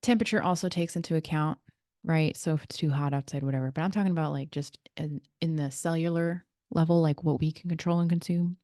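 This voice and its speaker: A woman talks through her solo podcast in a relaxed, chatty way, explaining things with side comments and small laughs. Her voice sits a little low. The sound is dry and close to a computer mic. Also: fast, no echo. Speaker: podcast host and breathwork practitioner. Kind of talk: casual solo podcast talk.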